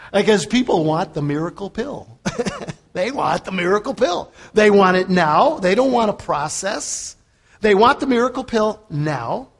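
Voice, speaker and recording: A man who is a preacher and fitness coach, giving a conversational sermon, telling the story with chuckles and repeating phrases for emphasis. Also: on the high side. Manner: chuckles often while talking.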